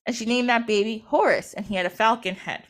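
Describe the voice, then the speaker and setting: A woman's voice: on the high side, quick pace. A woman retelling a myth in casual storytelling style, chatty, acting out the characters through quoted dialogue. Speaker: podcast host or guest.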